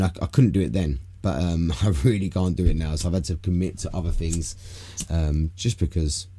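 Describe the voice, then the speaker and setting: A man's voice: sits low, dark tone, slight background noise. A man hosting a casual live stream, rambling loosely from topic to topic and swearing freely. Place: home room.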